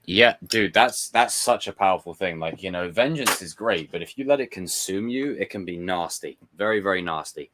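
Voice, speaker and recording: A man's voice: low-pitched, animated, moderate pace, hardly any pauses, a bit bright, slight background noise. A man hosting a livestream, chatting casually in a rambling, emphatic way and swearing often. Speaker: livestream host.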